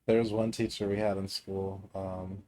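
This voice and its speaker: Very deep-voiced laid-back young man. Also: flat delivery, normal speed, mellow. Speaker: podcast co-host. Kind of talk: casual chat.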